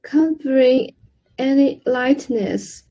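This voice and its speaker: A woman learning a language, talking haltingly with many restarts and fillers over a video call. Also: high-pitched, mellow, muffled recording. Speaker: language student. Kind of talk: halting spoken practice.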